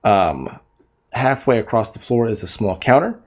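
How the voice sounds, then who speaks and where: A man's voice: mid-range voice, lively intonation, normal speed, darkish tone. A man running a tabletop game as game master over an online voice call, narrating hesitantly with many ums.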